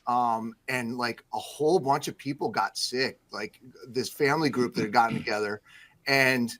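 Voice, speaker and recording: A man's voice: mid-range voice, fairly even intonation, moderate pace, a bit bright. A man from the Midwest, a news anchor speaking as a guest on a radio show, modest and easygoing, with many fillers. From Midwestern United States. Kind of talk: casual radio chat.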